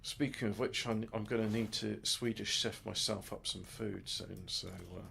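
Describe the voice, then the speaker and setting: Gravelly guy mumbling through a game, crude jokes, a bit of hiss in the background. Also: fairly low pitch, steady tone, normal speed, pushed and bright. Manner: muttering to himself, crude offhand jokes. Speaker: gamer. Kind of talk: let's play commentary.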